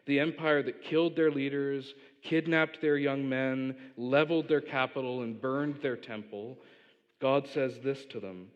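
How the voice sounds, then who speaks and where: A man's voice: mid-range voice, steady tone, moderate pace, lo-fi sound. A man preaching a sermon in a casual, conversational way, with asides and chuckles, as a pastor. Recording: long reverb of a large hall.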